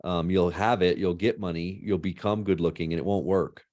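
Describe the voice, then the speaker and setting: Low-voiced man, animated storyteller. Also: normal speed. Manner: animated storyteller, frequent "right?" tags. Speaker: law and ethics professor. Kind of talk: interview answers.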